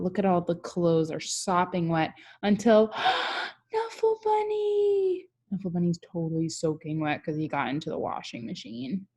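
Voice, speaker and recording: A woman's voice: on the low side, creaky, darkish tone. A young woman teacher reads a picture book aloud to children, chatting and asking them questions along the way.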